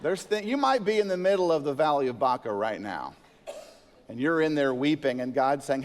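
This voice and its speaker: A man, the senior pastor, preaching a sermon that mixes scripture with a told joke and lively emphasis. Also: a little high, brisk. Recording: reverberant church hall.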